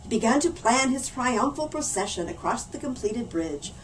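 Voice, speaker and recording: Expressive woman reading a picture book. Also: a little high, normal speed. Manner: expressive read-aloud. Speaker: children's librarian. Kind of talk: storybook reading. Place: library. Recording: distant mic, faint room hum.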